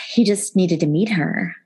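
A woman's voice: fairly low pitch, big pitch swings, slow, husky. A woman co-hosting a casual podcast chat, speaking frankly and swearing casually. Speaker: podcast co-host.

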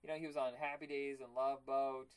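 A man co-hosting a casual movie podcast over a remote call, rambling and animated, swearing now and then. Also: medium pitch, brisk. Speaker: podcast co-host.

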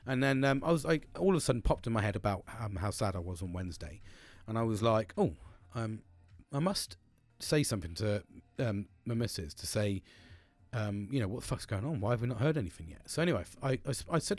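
A podcast host with a mid-range voice rambles casually through a personal monologue, animated and quick. He swears often and keeps restarting his sentences. There's no room sound.

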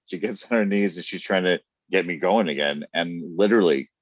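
A man's voice: low voice, brisk, no room sound, lo-fi sound. A man telling blunt, profane stories with frequent laughs in a casual podcast chat. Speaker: podcast guest.

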